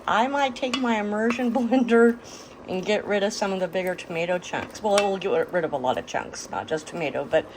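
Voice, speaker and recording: A woman's voice: mid-range voice, brisk, background noise. A middle-aged woman hosting a casual home cooking vlog, chatting through each step as she works. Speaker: home cooking and garden vlogger.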